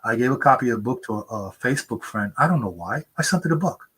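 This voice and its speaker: Brief: male author, 70s, husky, earnest storyteller, mid pitch, mimics others high. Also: lively intonation, fast, a bit bright, rough recording. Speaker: author guest. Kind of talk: conversational interview. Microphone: remote interview mic.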